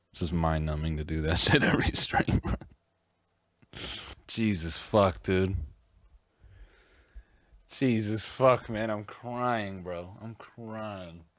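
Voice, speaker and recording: A man's voice: lowish voice, no echo, studio quality. A man reacting casually on a live stream, laughing often and swearing freely.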